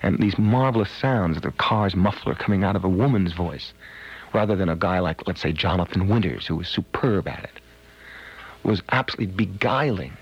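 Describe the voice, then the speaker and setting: A man's voice: deep voice, normal speed, slightly rough. A man hosting a radio show, telling a rambling, musing anecdote from the studio, heard on an old broadcast. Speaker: radio disc jockey. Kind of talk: late-night radio storytelling. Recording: dull lo-fi 1970s radio broadcast.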